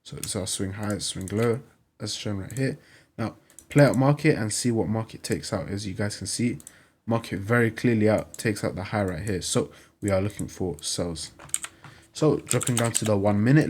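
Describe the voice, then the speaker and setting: A man's voice: fairly low pitch, normal speed, darkish tone, husky. A young man hosting a trading channel, talking through a screen-recorded tutorial in a plain, repetitive, instructive way.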